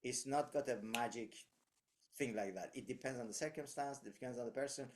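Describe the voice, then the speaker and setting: A man's voice: medium pitch, fairly quick, slight background noise. A man giving leadership advice in casual conversation, reflective and anecdotal, with frequent fillers and restarts.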